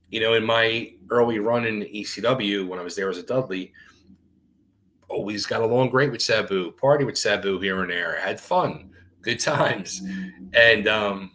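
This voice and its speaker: A man's voice: fairly low pitch, sharp tone, slight background noise. A middle-aged man on a casual podcast, a former wrestler telling a story and acting out quoted voices, swearing freely.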